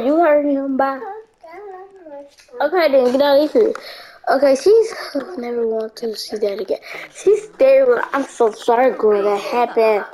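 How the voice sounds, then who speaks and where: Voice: mid-range voice, darkish tone. A gaming host giving casual let's-play commentary, chatting to the game characters and to viewers. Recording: noisy recording with mouse clicks.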